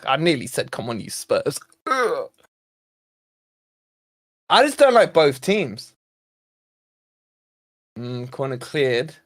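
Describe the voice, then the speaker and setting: A man's voice: mid-range voice, no room sound, studio quality. A young man hosting a live football watch-along, ranting and exasperated as he reacts to his chat. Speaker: fan channel host.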